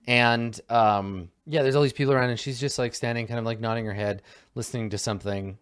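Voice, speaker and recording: A man's voice: mid-range voice, fairly even intonation, a little fast, clean tone. A man narrating as game master of a tabletop game, describing scenes loosely with lots of fillers and restarts.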